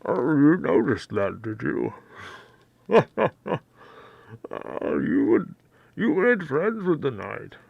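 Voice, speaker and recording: A man doing an impression of a gravelly, menacing masked villain, drawn out and theatrical, during a livestream. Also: on the high side, big pitch swings, takes it slowly, long pauses, no echo, narrow, tinny audio, voice pushed up, heavily acted.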